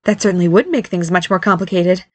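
A woman reading the part of a calm, measured, reserved middle-aged father in a storybook. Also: lowish voice, dry recording, natural voice.

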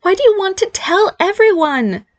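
A woman's voice: extremely high pitch, sing-song, normal speed, dull audio, voice pushed up. A woman voicing a sulky teenage fairy boy turned into a girl, sarcastic and whiny, in an audiobook.

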